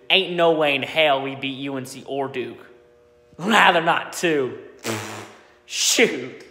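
A man ranting bluntly about his teams in a sports vlog, talking in an exasperated, animated way with frequent fillers. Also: on the high side. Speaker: sports vlogger. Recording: echoey room with long reverb.

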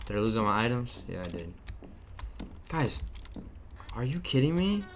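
A young gaming streamer nervously talks to viewers while playing a horror game, keyboard and mouse clicks audible behind him. His mid-range voice is sing-song at a moderate pace, he pauses often, and there's a little hiss or hum.

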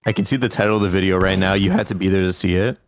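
A man's voice: low voice, steady tone, racing. A young man chatting and teasing as co-streamer during a casual game stream. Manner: teasing and playful. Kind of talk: casual gaming chat.

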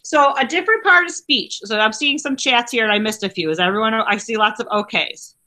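A woman's voice: on the high side, a little fast, pushed and bright. A woman teacher giving a chatty grammar lesson to her class over a video call, saying okay a lot. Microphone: computer mic on a video call.

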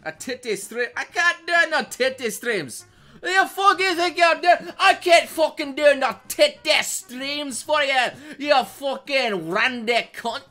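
A man's voice: very high voice, expressive, slow, bright, forceful tone, faint music behind, voice pushed up, full character voice. A man putting on a Scottish accent to voice a crude, rowdy lad reading out chat messages, swearing and laughing through them. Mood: cheeky. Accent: put-on Scottish. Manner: sweary, laughing, exaggerated brogue.

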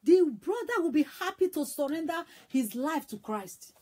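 A woman evangelist preaching a sermon, emphatic and repetitive, swinging between loud and hushed. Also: extremely high pitch, expressive, normal speed.

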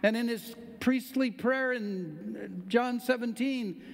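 A man's voice: very high voice, takes it slowly, creaky, big-room sound. An older man, a pastor, preaching a sermon in a conversational, emphatic way with questions to the congregation. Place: church sanctuary.

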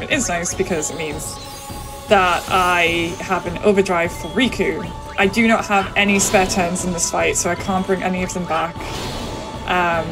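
On a rough recording with game music playing, a woman with a low-leaning voice chats through her live speedrun while sick. Her manner is loose and chatty, with frequent laughter and lots of ums as she thinks aloud.

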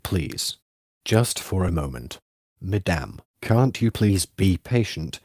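A man reading an audiobook voices a female nurse who gently pleads with her patient. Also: deep voice, normal speed, dry recording, studio quality. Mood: pleading. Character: anxious female nurse and servant.

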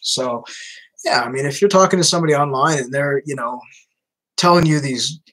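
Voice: medium pitch, brisk, a bit bright, low-quality recording. A video host answering viewer questions in a casual chat, talking loosely with many restarts. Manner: chatty, repeats "you know", frequent restarts.

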